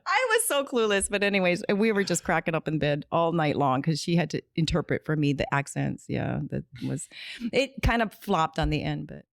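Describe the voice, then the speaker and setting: A woman's voice: deep voice, big pitch swings, moderate pace, creaky, no room sound. Chatty middle-aged woman, dry studio sound. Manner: chatty, laughs often, goes off on tangents. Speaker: interview guest, nonprofit director. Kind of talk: casual podcast conversation. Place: podcast studio.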